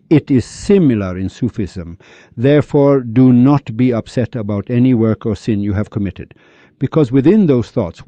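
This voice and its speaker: A man with a deep, very dark and mellow voice delivers an animated spiritual lecture. He keeps firing rhetorical questions and acts out the people he quotes. The recording is dry and dull, with a lo-fi sound. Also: dry recording. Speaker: Sufi speaker.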